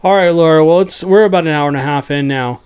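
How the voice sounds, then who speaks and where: A man hosting an interview podcast, speaking in a measured, polite way as he thanks his guest. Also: fairly high pitch, a little mellow, slight background noise. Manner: measured, unhurried wrap-up, polite and appreciative. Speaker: podcast host.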